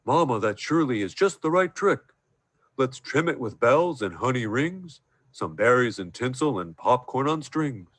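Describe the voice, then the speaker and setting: A man voicing a friendly, drowsy male bear who talks slowly and heartily. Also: medium pitch, expressive, a bit bright, breathy edge, no echo. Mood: jolly.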